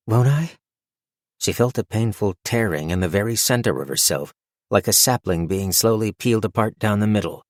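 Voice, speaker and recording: Man, low voice, measured wry narration, dry close studio sound, audiobook. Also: no room sound. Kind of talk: scripted narration.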